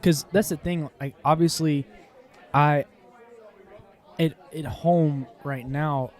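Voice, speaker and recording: A man with a slightly raised pitch plays along in an improvised comedy date, deadpan and prone to cracking up. He sounds like he is outdoors in a city with a faint crowd behind him. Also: takes it slowly. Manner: deadpan, fake-tearful, laughing fits. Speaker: podcast co-host.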